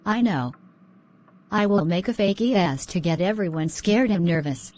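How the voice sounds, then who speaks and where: A woman voicing a spiteful, scheming young girl in a cartoon, delivered in a flat, even way. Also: lowish voice, normal speed, lightly acted.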